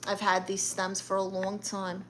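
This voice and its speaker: A woman's voice: mid-range voice, monotone, unhurried, fairly bright tone, a little hiss or hum, natural voice. A woman doing a brassy Brooklyn auntie. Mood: sassy. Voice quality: sassy, blunt, boastful. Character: brash middle-aged Brooklyn aunt posing as therapist. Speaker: livestream host. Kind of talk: in-character livestream chat reading.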